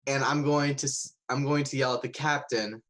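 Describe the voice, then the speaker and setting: A man playing a tabletop game, excited and scheming, thinking aloud about his next move. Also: mid-range voice, moderate pace. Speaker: player. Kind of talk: casual tabletop play.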